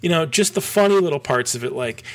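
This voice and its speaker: A man's voice: on the high side, fast. Rambling, restless middle-aged man. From Michigan. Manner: rambling, animated, frequent restarts and swearing. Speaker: podcast guest, graphic designer. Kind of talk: casual storytelling.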